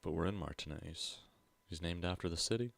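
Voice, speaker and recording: A man's voice: low voice, a little fast, creaky, fairly bright tone, a little hiss or hum. A man streaming a game, reading its text aloud with playful asides in casual commentary. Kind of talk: casual let's-play commentary.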